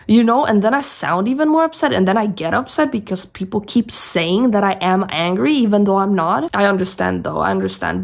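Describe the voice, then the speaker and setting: A woman's voice: medium pitch, creaky, darkish tone. A young woman vlogging to camera in a casual, blunt and rambling way, with many restarts and fillers.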